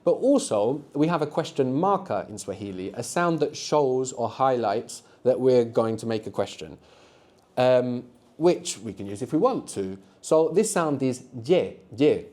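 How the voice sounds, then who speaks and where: Male language teacher running a live classroom workshop, warm mellow tone, encouraging, keeps checking in with the group. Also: medium pitch, lively intonation, measured pace. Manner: encouraging, quizzes the group with frequent tag questions. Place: classroom with students.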